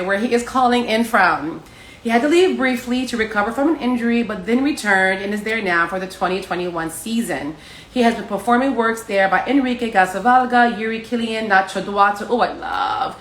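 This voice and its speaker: A woman's voice: mid-range voice, fairly bright tone, slight background noise. A woman hosting a live online talk show, reading a guest's introduction and then chatting effusively, gushing over her guest. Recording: roomy echo.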